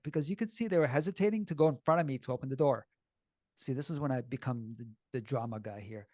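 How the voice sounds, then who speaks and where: A man telling a personal story in a blunt, animated, casual way, swearing freely and sounding shaky and upset as he recalls it. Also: medium pitch, fast, no echo, studio quality.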